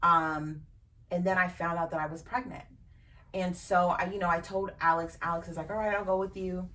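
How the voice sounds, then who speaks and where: Speaking in a fairly low, level voice with a somewhat bright tone, a woman hosting a podcast shares a deeply personal story at a fairly quick clip. She's frank, emotional, and swears casually. Because she sits a distance from the mic, she sounds slightly far away.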